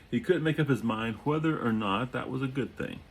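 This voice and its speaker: A man's voice: mid-range voice, normal speed, vocal fry, slightly rough, rough recording. Man reading his own novel aloud. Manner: relaxed, self-correcting, repeats words. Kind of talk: audiobook reading with casual asides. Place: home during a thunderstorm.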